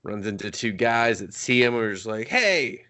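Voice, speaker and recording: A man's voice: on the low side, steady tone, fairly quick, fairly bright tone, clean tone. A young adult man co-hosting a movie review podcast, recapping scenes in profane, joking banter and slipping into silly voices. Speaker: podcast co-host.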